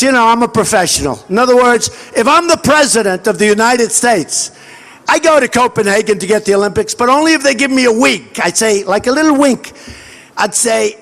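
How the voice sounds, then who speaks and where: An older man speaking into a podium microphone at a large outdoor rally, his voice pushed unusually high as he shouts to the crowd. He is boastful and repetitive, and acts out the dialogue he quotes. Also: animated, normal speed. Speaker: political candidate at a campaign rally. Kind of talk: campaign rally speech.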